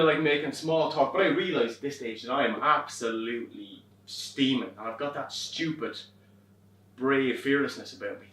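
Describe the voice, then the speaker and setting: A young Irish man performing a wry comic monologue on a theatre stage, swearing and animated as he tells a story. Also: mid-range voice, natural voice. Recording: roomy stage from far off.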